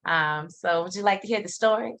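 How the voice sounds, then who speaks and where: A middle-aged woman tells a personal story as a guest in a relaxed interview. Her voice has a clear, bright edge. She speaks openly and with animation, often stopping on small ums as she goes. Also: on the low side, fairly quick. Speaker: interview guest, company founder. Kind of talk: personal storytelling in casual conversation.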